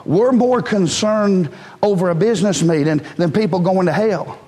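Male preacher, high-pitched, plainspoken and self-mocking, recorded live in a reverberant church. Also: moderate pace, dark tone. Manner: folksy, blunt and self-deprecating, joking with the congregation. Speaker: pastor. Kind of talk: sermon. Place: church sanctuary.

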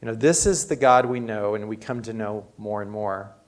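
This male pastor delivers an everyday sermon in an earnest, chatty way, often dropping in "you know." His pitch is fairly low and his pace moderate.

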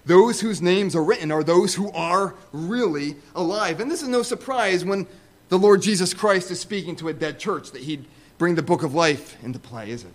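A man preaching a sermon, speaking conversationally with asides and building to loud, emphatic repeated stresses. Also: sits high, moderate pace.

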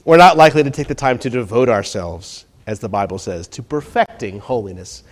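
A middle-aged or older man preaching a sermon, swinging between hushed and emphatic delivery and repeating key phrases. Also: mid-range voice, expressive, a little fast.

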